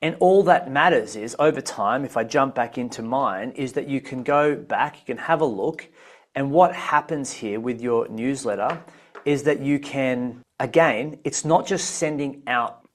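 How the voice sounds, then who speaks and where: A man coaching a live online masterclass, energetic and repeating his key points. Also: mid-range voice, measured pace. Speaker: business coach.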